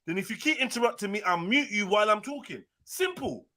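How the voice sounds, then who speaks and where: A man's voice: sits high, animated, fast talker, bright, forceful tone. A man hosting a live panel, arguing heatedly, talking over the other caller and repeating himself. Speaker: live show host.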